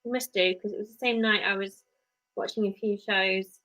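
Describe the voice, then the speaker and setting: A woman's voice: medium pitch, fairly even intonation, moderate pace, sharp tone, no echo, low-quality recording. A woman with an English accent hosting a casual live stream, chatting in a rambling, friendly way to her viewers. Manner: chatty, rambling, talks to viewers and child at once. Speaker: live-stream host, work-from-home mum.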